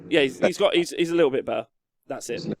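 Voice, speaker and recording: A man's voice: medium pitch, fast talker. A man commentating a live tabletop wargame match in a casual, chatty way with plenty of fillers.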